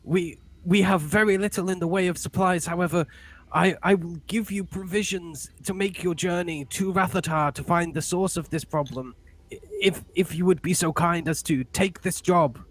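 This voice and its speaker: A man's voice: high-pitched, moderate pace, slight background noise, close to an everyday voice. A man voicing a scared, elderly town elder who pleads anxiously and stammers as he talks. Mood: worried pleading.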